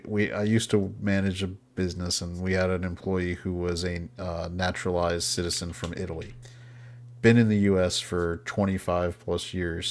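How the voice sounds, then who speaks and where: A deep-voiced man hosts a live podcast in an easygoing chatty way. His voice has a gravelly, fried edge. He rambles and restarts as he goes. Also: darkish tone. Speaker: podcast host. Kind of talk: casual live podcast chat.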